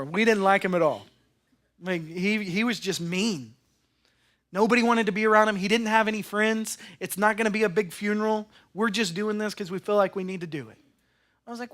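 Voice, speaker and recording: High-voiced preacher. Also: male voice, moderate pace, a bit bright. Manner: earnest storytelling preacher. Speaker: pastor. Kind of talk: sermon.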